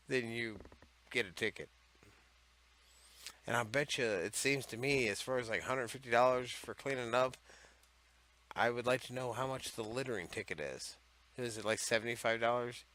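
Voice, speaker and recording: A man's voice: mid-range voice, pushed and bright. A man hosting a casual comedic commentary, rambling, sarcastic and profane as he reads out laws. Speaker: host of a comedy series on odd laws.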